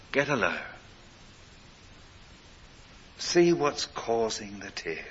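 A slow, deliberate older man delivers an earnest sermon in a slightly husky voice. He tells stories from the pulpit, rising to loud emphasis and then sinking quiet. The recording sounds dull and lo-fi. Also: fairly low pitch, lively intonation. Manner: earnest, storytelling, emphatic swells and drops. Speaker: preacher.

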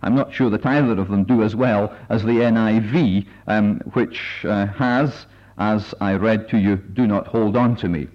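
A man leading a Bible study meeting, speaking in a careful, measured way with many filler pauses as he reads and explains passages. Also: lowish voice. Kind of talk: measured sermon-style talk with readings. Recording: dull lo-fi recording.

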